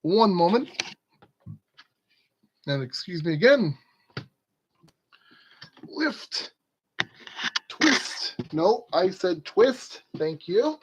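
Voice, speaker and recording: A man's voice: high voice, lively intonation, slow pace, long pauses, noisy background. A man narrating a model kit build in a casual, rambling way, scolding his tools and joking at his own expense. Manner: rambling, talks to objects, self-deprecating.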